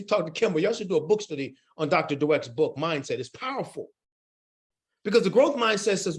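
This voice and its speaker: Animated high-voiced man leading a workshop. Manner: animated, folksy, encouraging. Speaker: workshop facilitator. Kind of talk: presenting an online workforce training session.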